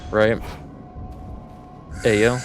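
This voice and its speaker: A man's voice: on the low side, level tone, very slow, faint music behind. Rambling American man chatting mid-stream. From United States. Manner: rambling, filler-heavy, easygoing. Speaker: gaming streamer. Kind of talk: casual rambling chat while playing.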